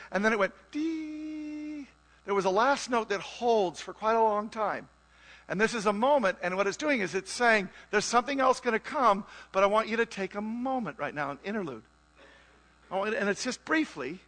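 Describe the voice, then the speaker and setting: Bright, high-voiced preaching man. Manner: animated, conversational, sings musical phrases. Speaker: pastor. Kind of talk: sermon.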